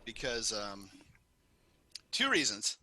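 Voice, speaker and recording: Male podcast co-host, animated storyteller, bright and forceful tone. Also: on the low side, slow, dry recording. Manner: animated storyteller, laughs often. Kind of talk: casual chat.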